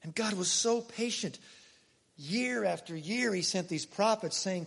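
Male pastor, fairly high voice, long church reverb, chatty sermon with big loud-soft swings. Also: animated, normal speed, gravelly, breathy edge. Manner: conversational preaching with sudden swings between loud and soft.

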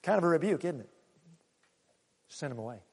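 A male pastor preaching a sermon, swinging between loud calls and quiet low asides. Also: lively intonation, fairly quick, breathy edge, long reverb tail.

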